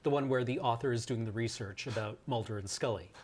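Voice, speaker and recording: A man's voice: mid-range voice, fast talker, a little mellow, a little hiss or hum. Man rambling through an anecdote. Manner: rambling storyteller, searches for words. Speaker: stream co-host. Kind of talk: casual anecdote.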